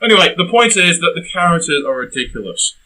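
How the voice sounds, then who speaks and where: Ranting young man, bright and high. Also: big pitch swings, quick pace, a little hiss or hum, poor audio. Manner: ranting, bursts into shouting. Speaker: film reviewer co-host. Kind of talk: casual comedic film review chat.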